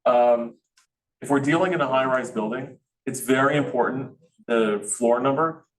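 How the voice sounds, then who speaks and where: A man's voice: medium pitch, normal speed, roomy sound, far from the mic, poor audio. A man teaching a real estate class, thinking aloud and explaining calculations step by step with frequent restarts. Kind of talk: teaching a class, walking through numbers live.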